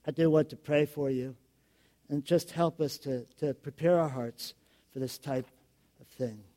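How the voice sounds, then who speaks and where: A middle-aged male pastor giving a sermon, telling stories with frequent chuckles and building to loud, emphatic questions. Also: on the high side, a little slow.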